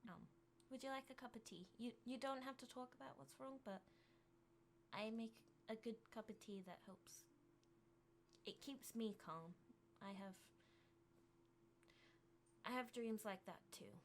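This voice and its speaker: A woman voicing a gentle, kindly woman who offers tea, speaking softly and hesitantly with stammers. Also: fairly high pitch, unhurried, long pauses, a little hiss or hum.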